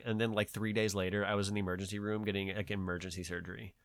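Man, nasal, low-pitched, rambling casual chat, profane, dry recording. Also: very fast, clear, resonant tone, no echo. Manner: rambling, profane, animated storytelling. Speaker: podcast host.

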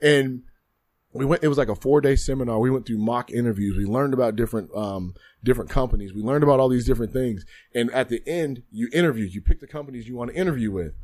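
Speaking quickly in a medium-pitched, slightly mellow voice, a man in his thirties reflects openly on his life as a podcast studio guest. He's a former football player telling candid interview stories, and he often circles back to the same phrases.

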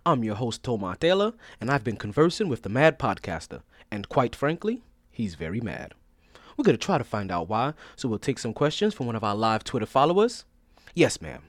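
A man's voice: medium pitch, big pitch swings, a little fast, no echo. A man hosting a comic sports podcast in a playful, sing-song delivery. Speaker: podcast host.

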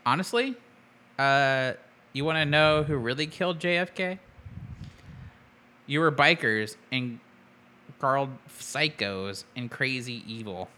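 A man's voice: medium pitch, slow, pauses often, bright, forceful tone. A man co-hosting a podcast in casual chat, playful and laughing often. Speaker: podcast co-host.

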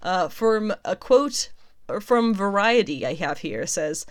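A young woman talks through the latest comic book news in a loose, chatty way. She laughs often, trips over a name and then fixes it, and sits at an everyday middle pitch for a woman. Her tone stays conversational, never scripted. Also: takes it slowly. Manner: chatty and animated, laughs often, corrects herself mid-sentence. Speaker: pop culture news host. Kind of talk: casual news commentary.

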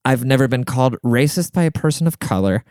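A man's voice: mid-range voice, lively intonation, fairly quick, a little mellow, smooth, dry recording, clean studio sound. A man hosting a show, telling a story in a casual, profane and exasperated way.

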